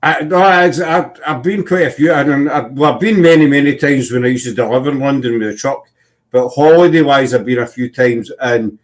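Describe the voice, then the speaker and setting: A man's voice: medium pitch, a little fast. A man with a Scottish accent, hosting a casual chat and telling rambling anecdotes.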